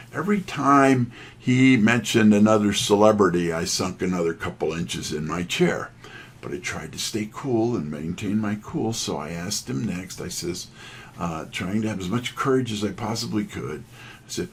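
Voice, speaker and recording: Middle-aged American sales trainer, deep husky voice, folksy storyteller. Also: male voice, moderate pace. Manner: folksy, self-deprecating anecdotes. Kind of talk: storytelling talk.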